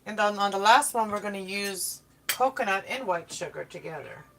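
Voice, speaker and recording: A chatty woman rambling through a casual baking livestream in her home kitchen, her voice gravelly with vocal fry. Clear background noise runs under her talk. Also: medium pitch, expressive, moderate pace. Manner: chatty and rambling, talking to viewers and her kitten. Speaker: livestream host. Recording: noisy background.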